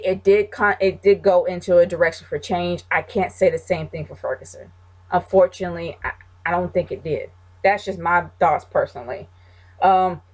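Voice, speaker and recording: Woman, casual vlog host, blunt and emphatic opinions. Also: on the low side.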